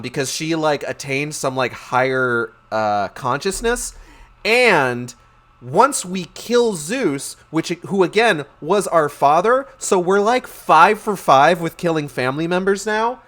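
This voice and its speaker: A man's voice: on the high side, fairly bright tone. A man casually recapping game lore with sarcastic, profane, slangy humor and lots of fillers.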